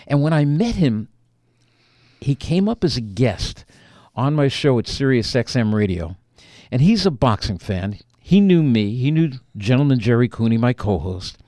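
A man tells a story in an animated way, his voice swinging widely up and down in pitch. He often repeats words as he restarts a thought. The sound is close and dry, with no room echo. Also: normal speed. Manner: animated storyteller who acts out quotes. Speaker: author and interview guest. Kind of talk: emotional personal storytelling.

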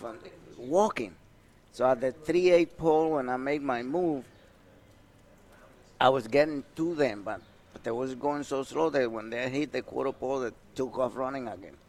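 An older man from Panama with a Panamanian Spanish accent, a retired jockey telling stories in an interview. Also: mid-range voice. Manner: animated storytelling, trailing off quietly. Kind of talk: reminiscing interview.

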